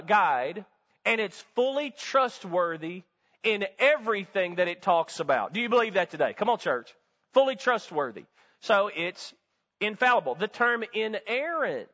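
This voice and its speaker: High-voiced preacher in a reverberant hall. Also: male voice, a bit bright. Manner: emphatic call-and-response preaching with rhetorical questions. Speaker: pastor. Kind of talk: sermon. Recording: dull sound with long hall reverb.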